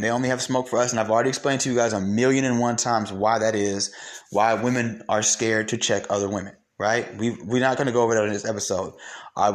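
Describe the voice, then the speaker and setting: A young man hosting solo commentary, blunt and profane, ranting with mocked quotes. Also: mid-range voice. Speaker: commentary host.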